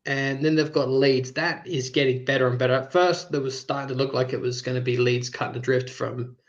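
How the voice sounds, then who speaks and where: A man with an Australian accent, co-hosting a casual fan chat, jokey and quick to laugh. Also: mid-range voice, little pitch movement, lo-fi sound. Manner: jokey, chatty, laughs often. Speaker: co-host.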